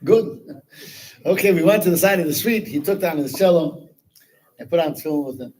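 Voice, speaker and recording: A male rabbi telling a story at a Chassidic gathering, animated, with Hebrew words dropped into his English. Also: on the high side, fairly quick, rough recording.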